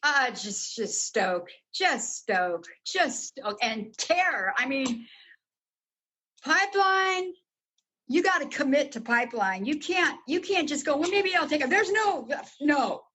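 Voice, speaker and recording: A woman guest telling a story in casual, animated talk, swearing freely and jumping up in pitch when excited. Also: slow pace, low-quality recording. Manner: animated, profane, swoops high when excited.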